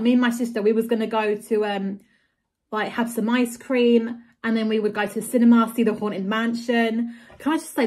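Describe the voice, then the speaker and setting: A woman's voice: on the high side, a little mellow. A young woman, ranting in a casual vlog about a bad summer, exasperated and rambling with lots of fillers and swearing. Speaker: vlogger.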